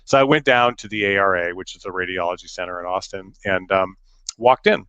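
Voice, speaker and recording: A man's voice: sits low, a little fast, sharp tone, clear, resonant tone, dry recording, muffled recording. A middle-aged man giving an education webinar talk, a chatty storyteller with self-deprecating humor and frequent fillers. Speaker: education presenter. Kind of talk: webinar talk with personal anecdotes.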